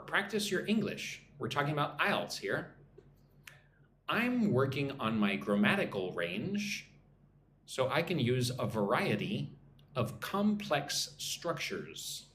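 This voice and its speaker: A man teaching an English lesson on a live stream, talking slowly and checking in with "right?" after his points. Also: medium pitch, a little hiss or hum. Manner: slow, repeats points with frequent "right?". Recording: echoey room, faint ambience.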